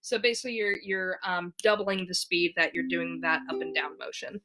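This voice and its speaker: A woman giving a casual ukulele lesson, talking in a relaxed way with many fillers and counting beats aloud. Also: fairly low pitch, moderate pace, loud music behind the voice. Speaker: ukulele teacher. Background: ukulele strumming.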